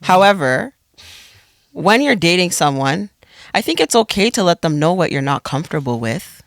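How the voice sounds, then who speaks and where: A woman's voice: on the low side, big pitch swings, normal speed, no echo, studio quality. A woman guest on a podcast, speaking frankly and pressing with questions. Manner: frank, questioning, repeats herself. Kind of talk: casual podcast chat.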